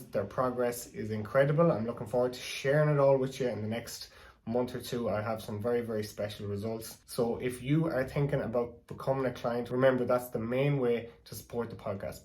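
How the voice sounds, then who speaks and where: An Irish man hosts a podcast, introducing the episode and chatting casually with a guest. His voice is medium-pitched with a darkish tone.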